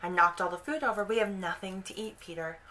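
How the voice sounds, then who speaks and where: A woman's voice: medium pitch, fast talker, sharp tone, natural voice. A woman putting on the voice of an exasperated mother who scolds her husband, in a sarcastic, indignant tone.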